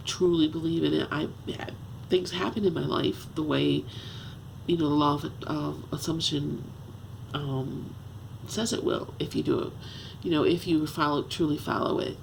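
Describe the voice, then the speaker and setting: Gravelly-voiced woman in her fifties. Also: sits low, a little mellow, slight background noise, poor audio. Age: 50s. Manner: halting, earnest, self-searching talk with many restarts. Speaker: vlogger. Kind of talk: confessional personal vlog. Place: at home.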